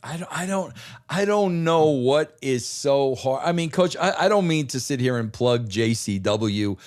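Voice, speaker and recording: A man's voice: mid-range voice, animated, unhurried. An older American man co-hosting a podcast. He talks casually, breaking in with short reactions and restarting his sentences as he goes. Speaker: podcast co-host. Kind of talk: casual chat.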